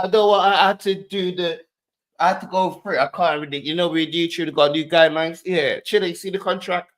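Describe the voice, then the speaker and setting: A man hosts a reaction show in playful, animated commentary. His voice sits a little high and swings widely up and down. He repeats phrases and acts out little scenes as he talks.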